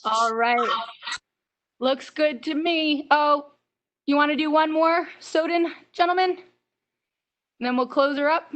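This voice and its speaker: A woman's voice: sits high, slow pace, pauses often, a bit bright. An American woman camp instructor leading a children's workout over a video call, counting reps aloud and cheering the kids on.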